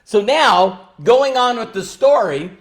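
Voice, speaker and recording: An emotional, emphatic man talks to viewers in a live stream, his voice sitting high and swinging widely in pitch. He takes his time, drawing words out and hammering home phrases through repetition. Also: expressive, slow. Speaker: livestream host. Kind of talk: motivational live-stream talk.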